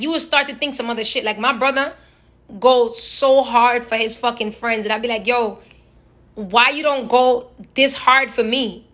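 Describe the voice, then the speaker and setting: Young woman, phone live stream, bright high voice, lively profane storyteller. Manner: animated, profane, storytelling with imitated quotes. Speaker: social media personality. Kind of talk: casual live-stream chat.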